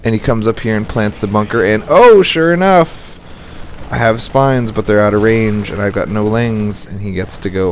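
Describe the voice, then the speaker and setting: Young guy casting a strategy game, kinda low voice, goofy and chatty. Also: normal speed, slight background noise. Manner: joking, playful, jumps into high squeaky voices when quoting. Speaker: game caster and coach. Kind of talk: casual gameplay commentary.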